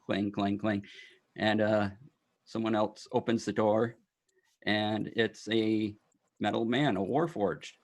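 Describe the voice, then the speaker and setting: A man narrating as dungeon master of a tabletop game, in a loose, halting way with many fillers. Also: on the low side, fairly even intonation.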